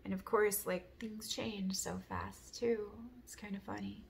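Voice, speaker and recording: A woman hosting a spiritual talk, musing aloud in a meandering way, full of fillers, often trailing into soft whispers. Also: mid-range voice, fairly even intonation, a little slow, creaky, slight background noise. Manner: reads an apology mantra in a lifted, earnest voice. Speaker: spiritual podcast host. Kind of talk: reflective personal monologue.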